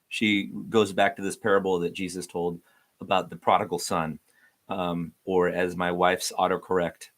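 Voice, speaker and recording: A man with a voice on the low side and a bit of brightness hosts a casual youth devotional on a livestream. He rambles, jokes at his own expense, and fills his talk with plenty of ums and likes.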